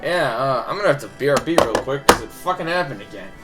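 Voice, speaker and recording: A man's voice: medium pitch, expressive, fast talker, loud music behind the voice. A young man casually commenting on a game during a live stream, swearing freely and chuckling to himself. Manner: loose, swearing, chuckling asides.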